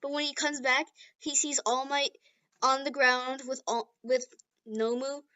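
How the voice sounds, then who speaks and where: A woman's voice: high voice, level tone, unhurried, bright, forceful tone, clear, resonant tone. A woman casually retelling a fan-made story, rambling with lots of fillers, in a lo-fi recording. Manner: rambling, giggly, filler-heavy.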